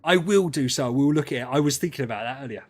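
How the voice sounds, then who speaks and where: A young man chatting casually on a livestream, ranting in an animated way and swearing freely. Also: mid-range voice, fast talker, faint music behind. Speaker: streamer.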